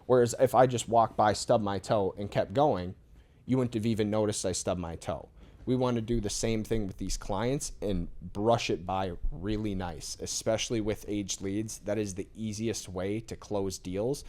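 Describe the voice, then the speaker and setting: A man's voice: lowish voice, steady tone, normal speed, darkish tone. A man being interviewed about his sales work, talking in a casual, upbeat way and explaining with everyday examples. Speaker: insurance sales rep, guest.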